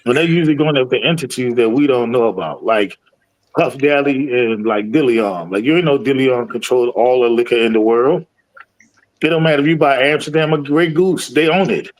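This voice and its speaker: A man's voice: mid-range voice, a little fast, rough recording. A man on a casual podcast, talking in a laid-back way with lots of slang and check-ins with the listener. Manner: laid-back slang, often asks "you feel me". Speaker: podcast co-host. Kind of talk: casual chat.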